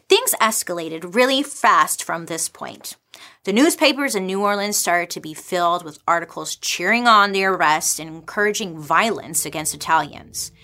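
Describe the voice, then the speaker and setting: Bright, chatty young woman telling history. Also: fairly low pitch. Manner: chatty, sarcastic asides. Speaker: history storyteller host. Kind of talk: casual history storytelling.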